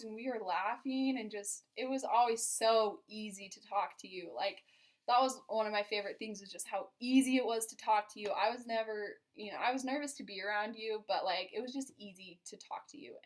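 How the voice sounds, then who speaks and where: A young woman telling a story to her partner in a casual, giggly way, with lots of "like" fillers. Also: medium pitch. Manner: chatty and giggly, heavy use of "like". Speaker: vlogger recounting a first date to her partner.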